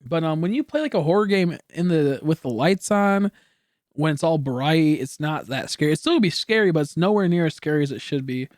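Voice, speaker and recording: A man's voice: fairly high pitch, lively intonation, brisk, darkish tone, dry recording, clean studio sound. A young man streaming from home, chatting casually in a rambling, self-correcting way, swearing now and then and coughing at times. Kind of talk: casual chat.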